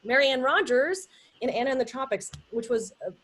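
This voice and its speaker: A woman hosting a casual live interview over a video call, upbeat and enthusiastic, telling stories with lively energy. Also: sits high, fairly quick. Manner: upbeat, enthusiastic, animated storytelling. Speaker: host.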